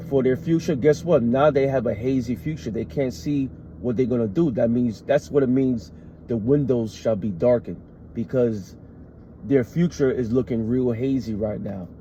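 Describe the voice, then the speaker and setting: A man preaches scripture in a very dark, mellow voice and stresses his points hard. He reads a verse aloud and then explains it. The recording sounds muffled, with faint noise behind him. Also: medium pitch. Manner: emphatic, repeats "all right" and "man". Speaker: street preacher. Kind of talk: scripture teaching.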